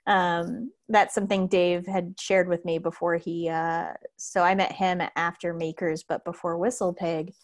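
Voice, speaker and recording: A bubbly woman talks casually and often speeds up into quick bursts. Her voice sits a little low for a woman. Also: level tone. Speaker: guest distiller. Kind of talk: casual conversation.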